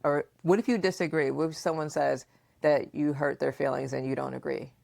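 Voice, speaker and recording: Low-voiced, lively woman podcast host. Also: brisk, vocal fry. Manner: animated, playful, acts out remembered dialogue; frequent laughter and questioning. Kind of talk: casual conversational podcast chat.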